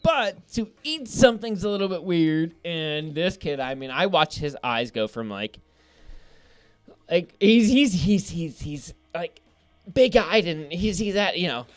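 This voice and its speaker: A man with a high, very lively voice tells a long, meandering story on a podcast. He swears freely and keeps breaking into laughter. Soft music plays faintly underneath. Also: a little slow. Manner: rambling, profane, laughing often. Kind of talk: casual storytelling chat.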